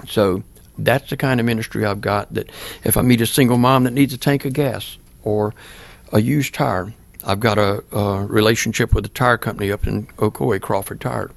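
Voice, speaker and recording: In an interview, an older male pastor recounts a personal experience plainly and earnestly, acting out what was said. His fairly low voice holds a steady tone at normal speed, with vocal fry and few pauses.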